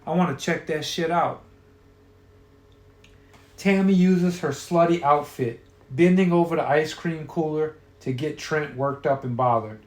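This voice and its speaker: A man's voice: fairly high pitch, a little slow, a little mellow, roomy sound. A man telling a crude story in a profane, offhand way.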